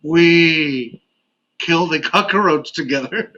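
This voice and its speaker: A man hosting a podcast, telling a story in an animated, casual way and laughing often. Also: on the high side, slow pace, slight background noise. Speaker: podcast host. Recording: dull lo-fi audio.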